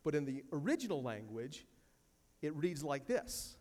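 A man's voice: on the high side, sing-song, normal speed, a little mellow, long reverb tail. A man preaching a sermon as pastor, emphatic, repeating key phrases and quoting scripture from a church sanctuary.

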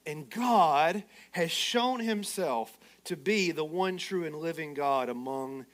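Animated, high-voiced preacher man. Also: takes it slowly. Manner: animated, playful preaching with sarcastic asides. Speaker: pastor. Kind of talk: sermon.

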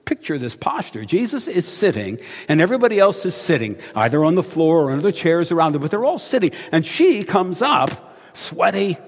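A man's voice: on the high side, very animated, quick pace, few pauses. A man preaching a sermon in a conversational, storytelling manner. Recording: long hall reverb.

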